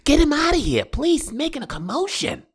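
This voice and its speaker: A man's voice: very high-pitched, wildly swooping pitch, brisk, voice pushed up, full character voice. A man voicing a flustered woman nail technician pleading with a customer. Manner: pleading, whiny.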